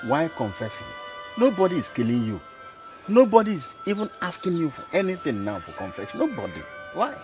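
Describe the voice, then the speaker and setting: Give me a reproachful Nigerian father with a lively voice over loud music. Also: on the high side, fairly quick. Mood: angry. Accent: Nigerian English. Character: stern older father, angry at the visitor. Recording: film audio with loud music under.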